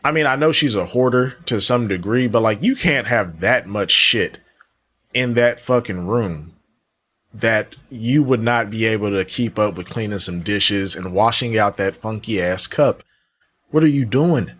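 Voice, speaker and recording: A man's voice: on the low side, a little slow, fairly bright tone. A man hosting a reaction commentary show, talking in a casual, slangy way that turns exasperated and mocking. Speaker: commentary channel host.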